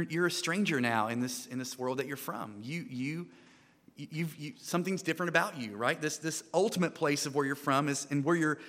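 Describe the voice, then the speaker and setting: Brief: American man, guest preacher, bright forceful tone, chatty sermon full of restarts, long hall reverb. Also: fairly high pitch. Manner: conversational, animated, frequent restarts and repeated words. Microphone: microphone.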